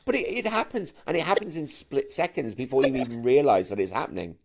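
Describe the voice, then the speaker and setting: A middle-aged man from Manchester, a camp and animated actor and singer who often stammers into his sentences while chatting as an interview guest. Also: medium pitch, fast talker, vocal fry. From Manchester, England. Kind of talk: casual interview chat.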